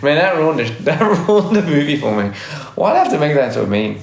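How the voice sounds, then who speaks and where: A man's voice: a little high, very animated, fairly quick, creaky. Young guy with a faded australian accent rambling on a phone livestream, restarts a lot, echoey room. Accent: Australian, worn down by years in Korea and America. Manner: rambling, self-correcting, laughs often. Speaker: livestream host. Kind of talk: casual livestream chat reading comments. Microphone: phone livestream mic.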